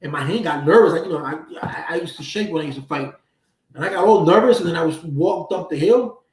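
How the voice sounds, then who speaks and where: A man's voice: a little high, quick pace, far from the mic. A man hosting a casual livestream, telling stories in loose, profane street slang from a room at home. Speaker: livestream host. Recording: roomy echo.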